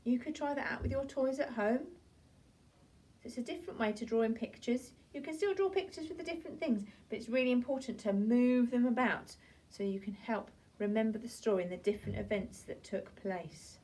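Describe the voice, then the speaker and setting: A woman teacher, gently retelling a story to young children in a drawn-out, sing-song way. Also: fairly high pitch. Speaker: primary school teacher. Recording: voice from a distance off the mic.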